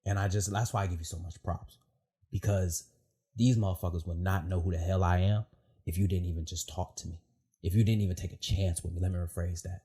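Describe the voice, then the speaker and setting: A man hosting a podcast, telling a story in an emotional, animated way, with lots of fillers and swearing. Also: sits low, fairly quick, slightly rough. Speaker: podcast host. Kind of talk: casual heartfelt chat.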